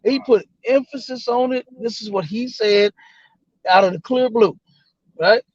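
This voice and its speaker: A man, a guest on the show, telling a story in a loose, animated way, acting out other people's lines and swearing freely. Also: very high-pitched, unhurried, no echo, muffled recording. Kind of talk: casual storytelling.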